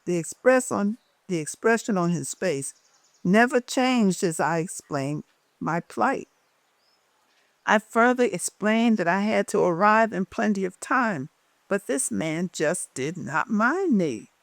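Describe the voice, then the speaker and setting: A woman reading her own memoir aloud as a lively storyteller who changes her voice for the people in it. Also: mid-range voice, takes it slowly, no echo.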